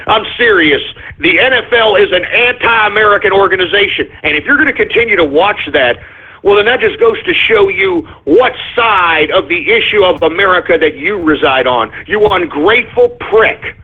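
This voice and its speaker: A man hosting a talk radio show, ranting loudly and profanely with indignant repetition. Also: sits high, animated, normal speed, husky. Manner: loud, profane, indignant ranting with repeated catchphrases. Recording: phone-like lo-fi radio audio.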